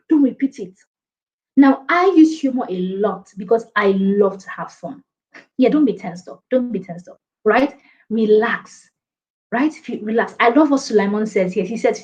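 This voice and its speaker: The audio here is dull, lo-fi stream sound of a woman running a live online presentation-skills class. Her fairly high, animated voice has a darkish tone and moves at a normal speed, and she frequently laughs while reading viewer comments aloud.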